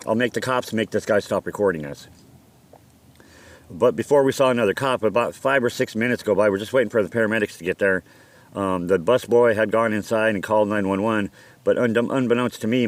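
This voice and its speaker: A man telling a story from his own life in a casual, blunt, profane way, acting out heated quotes. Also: on the low side. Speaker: storyteller recounting a personal incident.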